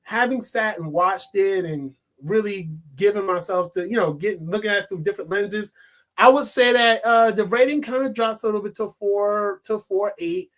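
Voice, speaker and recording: A man reviewing a movie in a casual, excitable vlog, swearing and laughing often. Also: sits high, normal speed.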